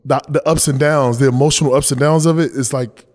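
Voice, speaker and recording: A man's voice: medium pitch, steady tone, a little fast, darkish tone, in a large hall. A man talking loosely as a podcast guest, restarting sentences and circling back to the same point. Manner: loose, repeats himself, restarts often. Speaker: guest, NBA champion. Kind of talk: casual interview chat.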